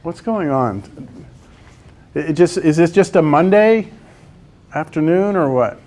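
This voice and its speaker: A man with a somewhat high, darkish, expressive voice teaches math a little slowly in a classroom lecture. He quizzes his students as he works problems, coaxing them with frequent "right?".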